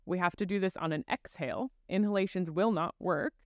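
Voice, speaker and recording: A woman's voice: lowish voice, brisk, dry recording, studio quality. A woman who is a guest expert on child speech, explaining step by step in a podcast interview and acting out examples as she goes.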